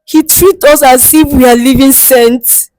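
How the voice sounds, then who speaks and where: A woman's voice: sits high, fairly even intonation, a little slow, mellow, dry recording, soft background music, poor audio. A woman acting a distraught young woman in a comedy skit, crying and pleading for help, repeating herself. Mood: sobbing. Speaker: guest seeking help. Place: studio.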